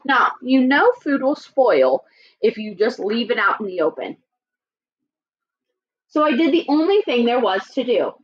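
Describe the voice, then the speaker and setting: A woman teacher voicing a sly, chatty male wolf as she reads a storybook aloud in a lively, playfully indignant way. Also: fairly high pitch, measured pace, pauses often. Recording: dull lo-fi recording.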